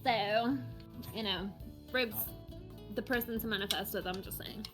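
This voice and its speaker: A woman's voice: medium pitch, unhurried. A woman hosting a tabletop game livestream, bubbly and giggly as she introduces the players, with music faintly under her voice. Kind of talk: casual livestream banter.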